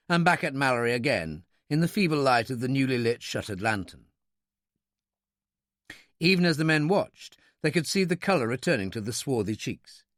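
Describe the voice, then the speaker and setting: Expressive male audiobook narrator. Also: medium pitch, dry recording, clean studio sound. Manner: expressive, dramatic reading. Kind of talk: scripted narration.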